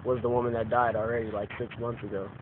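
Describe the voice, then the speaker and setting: Late at night outdoors near a car, a drunk young man tells friends a rambling, deadpan story, saying "you know what I'm saying" a lot. His voice is mid-range and fast. It was caught on a phone camera, so the video is tinny and lo-fi with hiss.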